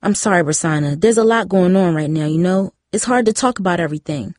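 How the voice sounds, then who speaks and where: A woman's voice: on the low side, animated, fast talker, a little mellow, no room sound, clean studio sound, close to an everyday voice. A woman voicing a teenage girl who answers in curt, defensive retorts. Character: teenage girl, guarded and quick to snap.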